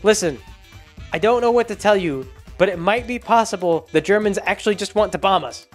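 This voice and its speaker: A man's voice: sits high, fairly quick, faint music behind. A man mimicking a weary male sidekick who explains things with patient exasperation in a mocking movie recap.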